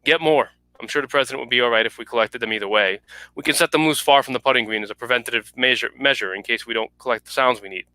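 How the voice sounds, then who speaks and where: A man's voice: medium pitch, quick pace, bright, forceful tone, no room sound, lightly acted, low-quality recording. A man voicing an earnest government official in a story reading, polite and businesslike.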